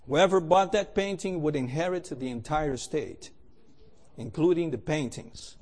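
A man's voice: fairly high pitch, normal speed, a little mellow, lightly acted. A man acting out an insistent auctioneer as he calls out bids in a sermon story. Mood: solemn. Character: stern older male auctioneer, persistent.

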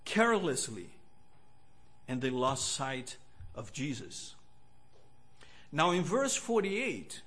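A man preaching a sermon in an earnest, measured way, with pauses between phrases. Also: on the high side, fairly bright tone.

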